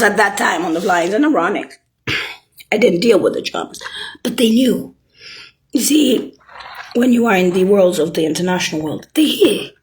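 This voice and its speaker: A woman in a rambling monologue who swears a lot and swings from shouting to whispering. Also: mid-range voice, slight background noise.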